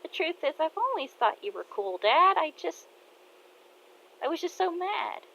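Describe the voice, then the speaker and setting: A woman's voice: on the high side, slow pace, fairly bright tone, a little hiss or hum, voice pushed up, rough recording. A woman voicing an earnest, emotional young daughter who speaks with heartfelt pleading.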